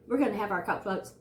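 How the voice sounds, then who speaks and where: Folksy Southern woman in an echoey kitchen. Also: medium pitch. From Southern United States. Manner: folksy, chatty, encouraging. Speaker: cooking channel host. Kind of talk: casual cooking demonstration. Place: home kitchen.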